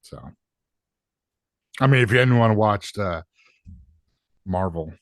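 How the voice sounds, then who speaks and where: A man's voice: on the low side, expressive, slow, no room sound, clean studio sound. A man co-hosting a podcast, casual and joking, with plenty of swearing. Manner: joking, profane, riffing. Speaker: podcast co-host. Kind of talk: casual gaming podcast chat.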